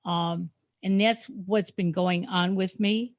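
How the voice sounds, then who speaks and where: A woman's voice: fairly low pitch, steady tone, slow, dry recording. A woman in her seventies co-hosting a podcast, speaking candidly with lots of ums. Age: 70s. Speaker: co-host. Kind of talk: casual podcast chat.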